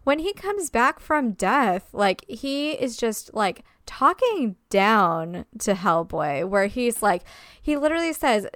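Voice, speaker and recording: Woman, film podcast co-host, exasperated, swears a lot, fairly high voice, dry sound. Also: big pitch swings, slow, a bit bright, no room sound. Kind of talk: casual film review chat.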